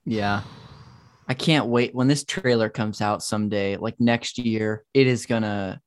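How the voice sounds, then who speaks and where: A man's voice: lowish voice, fairly even intonation, a little slow. Questioning man. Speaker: podcast co-host. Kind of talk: casual chat.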